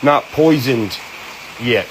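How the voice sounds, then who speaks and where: Southern man, mid-pitched, blunt folksy monologue, steady noise behind. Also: slow. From American South. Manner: blunt, folksy, plain-spoken. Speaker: host. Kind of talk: casual monologue.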